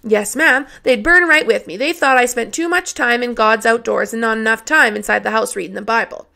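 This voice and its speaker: A woman's voice: a little high, creaky, bright, forceful tone. A woman voicing a wry older neighbor woman. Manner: measured, dry and blunt.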